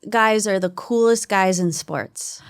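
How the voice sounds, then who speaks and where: A woman's voice: medium pitch, clean tone, no room sound, studio quality. A woman guesting on a comedy talk show, giggling and chiming in often. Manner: giggly, quick to chime in. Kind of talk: casual comedic chat.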